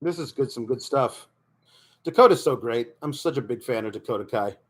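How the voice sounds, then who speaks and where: A man's voice: medium pitch, expressive, a little fast, fairly bright tone. A man giving exasperated live reaction commentary as a streamer, often restarting his sentences.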